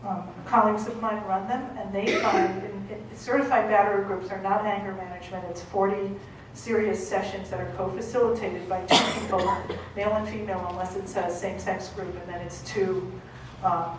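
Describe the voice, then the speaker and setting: A woman's voice: mid-range voice, steady tone, normal speed, a little hiss or hum. A woman from Boston with a Boston accent, giving an emphatic conference talk and often checking in with "okay?". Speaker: conference speaker. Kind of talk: lecture. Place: conference hall. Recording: echoey hall, voice from a distance.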